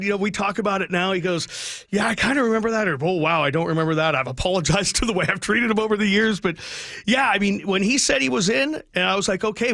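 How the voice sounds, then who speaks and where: A man's voice: high voice, creaky, bright, forceful tone, dry recording. A middle-aged man, a radio sports broadcaster, talking heartfelt and rambling about his son in a radio interview, choking up at times.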